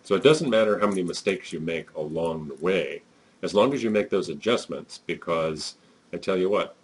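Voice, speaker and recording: A man's voice: sits low, animated, normal speed, husky. A man giving a conversational, emphatic motivational talk as a network marketing trainer, with frequent fillers.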